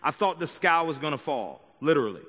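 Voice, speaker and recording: A man's voice: on the high side, big pitch swings, a little fast, fairly bright tone. A man preaching a sermon as pastor, talking conversationally and checking in with the congregation often. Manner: conversational preaching with frequent "right?" and "okay?" asides. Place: church sanctuary. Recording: dull sound with long hall reverb.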